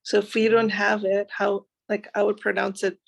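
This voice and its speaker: A woman's voice: medium pitch, little pitch movement, normal speed, vocal fry. A woman student asking a hesitant question in class.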